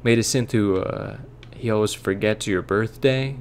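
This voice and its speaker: A man's voice: on the low side, normal speed, slight background noise. A man hosting a let's play, rambling, joking and swearing in casual gameplay commentary. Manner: rambling, joking, profane, puts on silly voices.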